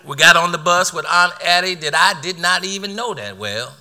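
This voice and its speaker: High, bright-voiced preacher man. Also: moderate pace. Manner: storytelling, laughing through the tale, repeats words. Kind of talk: sermon with personal story.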